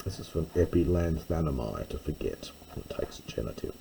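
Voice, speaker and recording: A man's voice: rumbling low, lively intonation, a little fast, creaky, warm tone, slight background noise, low-quality recording. A man teaching a verse-by-verse lesson on Greek scripture, thinking aloud with fillers and self-corrections. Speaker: Bible teacher.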